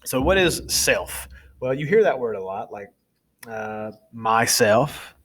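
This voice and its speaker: A man's voice: medium pitch, lively intonation, slow, a bit bright. A young adult man teaching a class in a chatty, informal way, often stopping to correct himself. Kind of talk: casual classroom lecture.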